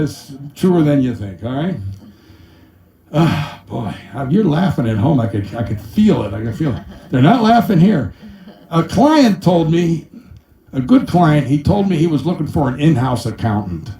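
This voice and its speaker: A man's voice: sing-song, normal speed, dark tone. Man telling accountant jokes in an echoey room. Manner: punchy, sells punchlines with 'ba-boom', acts out clients in high voices. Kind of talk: stand-up joke telling. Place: small room with a live audience. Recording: echoey room, mic at a distance.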